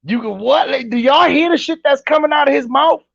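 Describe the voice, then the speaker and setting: A man hosting casual reaction commentary, animated and incredulous, talking straight to his chat. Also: very high voice, a little fast, gravelly, no room sound, lo-fi sound. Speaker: commentary host reacting to clips.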